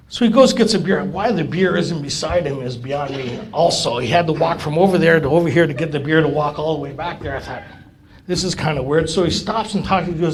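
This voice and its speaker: A man's voice: a little high, a little fast, vocal fry, a crowd in the background. A man speaking to a recovery meeting audience, telling a story and acting out the dialogue. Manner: animated storyteller, acts out dialogue.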